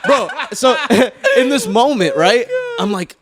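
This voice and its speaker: A young man co-hosting a podcast, casually telling an animated story full of swearing and laughter. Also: very high-pitched, slow pace, a crowd in the background. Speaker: podcast co-host.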